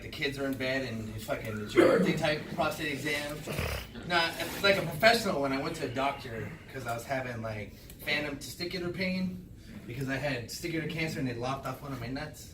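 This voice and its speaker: A male stand-up comedian telling a crude, profane story, acting out his own reactions in loud bursts. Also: fairly high pitch, expressive, brisk, roomy sound, distant mic, noisy background. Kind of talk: stand-up set. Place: small comedy club stage. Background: audience laughter.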